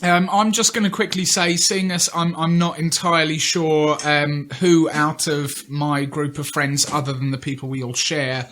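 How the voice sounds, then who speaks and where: A man's voice: fairly high pitch, flat delivery, moderate pace, few pauses, fairly bright tone. A man co-hosting a podcast, telling rambling, joking stories in casual chat. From Ireland. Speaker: podcast co-host.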